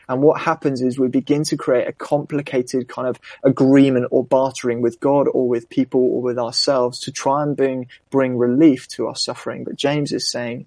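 Earnest young preacher, gravelly. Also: male voice, medium pitch, darkish tone, no echo. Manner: earnest, reflective, personal asides. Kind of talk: sermon.

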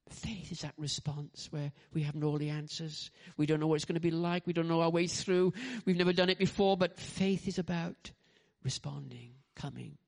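Animated English preacher. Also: male voice, fairly high pitch, moderate pace, vocal fry, few pauses. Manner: animated, acts out quotes, frequent "you know" and restarts. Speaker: pastor. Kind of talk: sermon.

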